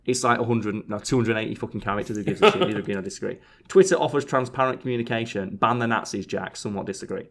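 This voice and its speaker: A man's voice: lowish voice, very fast. A man hosting a casual podcast chat, sarcastically reading out survey answers. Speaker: podcast host.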